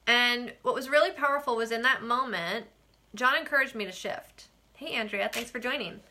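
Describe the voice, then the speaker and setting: Bright-voiced woman vlogging live. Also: fairly high pitch, fairly quick. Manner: chatty, animated, laughs often, acts out quoted exchanges. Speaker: real estate agent and vlog host. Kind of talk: casual live-stream vlog.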